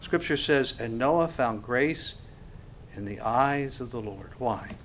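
A man preaching a sermon, swinging from hushed to loud and asking the congregation rhetorical questions. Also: medium pitch, animated, slow pace, a little hiss or hum. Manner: acts out quoted voices. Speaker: pastor.

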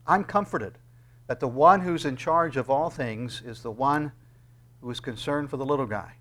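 A man delivering a sermon in a relaxed, conversational manner at a middle pitch. He often pauses on fillers and restarts, then raises his voice with force when he reads passages of scripture. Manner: conversational preaching with fillers, rising to emphatic readings of scripture. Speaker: pastor.

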